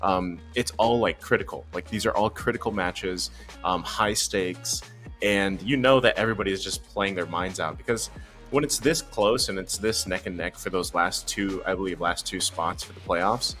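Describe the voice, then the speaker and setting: Bright-voiced man chatting excitedly. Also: low-pitched, moderate pace, soft background music. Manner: upbeat, rambling, many fillers. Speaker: esports caster. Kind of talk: casual panel chat.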